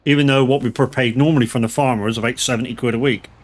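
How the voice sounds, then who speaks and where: A man's voice: mid-range voice, steady tone, racing. A middle-aged man, chatting casually and telling rambling, profanity-laced stories while streaming a farming game. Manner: rambling, swears freely, anecdotal. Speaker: gaming streamer.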